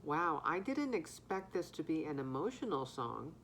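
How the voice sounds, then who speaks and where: A woman giving an intuitive tarot card reading to viewers, reflective, pausing often and humming softly to herself. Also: sits low, big pitch swings, a little hiss or hum. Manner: slow, reflective, pausing, soft hums.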